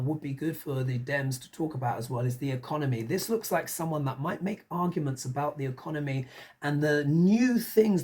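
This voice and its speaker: A tarot reader giving a casual, musing reading, talking it through aloud and often tossing in rhetorical questions. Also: medium pitch.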